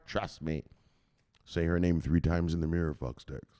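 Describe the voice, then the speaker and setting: A man's voice: sits low, steady tone, moderate pace, mellow. A male crypto show host in casual, joking chat who swears freely and laughs a lot. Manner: joking, profane, laughs often.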